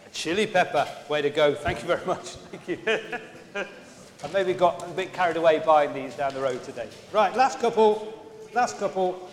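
A man's voice: fairly high pitch, normal speed. A man leading a playful children's talk in a large church, chatty and coaxing the kids along. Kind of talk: playful all-age church talk with props. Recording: echoey church hall with long reverb.

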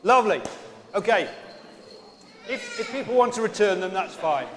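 A man's voice: high voice, huge pitch swings, normal speed, pauses often, fairly bright tone. A man leading a playful children's talk in a large church, chatty and coaxing the kids along. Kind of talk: playful all-age church talk with props. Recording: echoey church hall with long reverb.

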